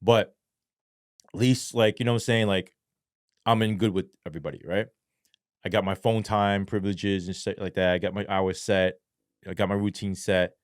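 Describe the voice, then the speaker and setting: A man with a somewhat low voice tells a story as a podcast guest, loose and profane, full of slang and fillers. He talks in a dry, close sound with no room echo. His delivery rambles and leans on street talk. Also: normal speed, pauses often. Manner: animated, acts out quoted voices. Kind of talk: casual storytelling in a podcast interview.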